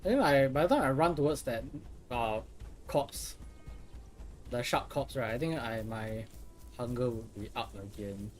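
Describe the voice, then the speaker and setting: A man's voice: medium pitch, a little slow, faint music behind. A young man streaming a game, chatting casually in a rambling, profane way with lots of restarts. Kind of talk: casual live gameplay commentary.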